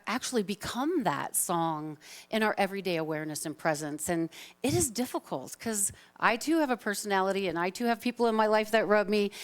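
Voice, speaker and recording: Chatty woman minister, slightly high voice. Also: clear, resonant tone. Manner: chatty, informal, self-deprecating. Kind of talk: live Sunday talk. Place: spiritual center sanctuary, live congregation.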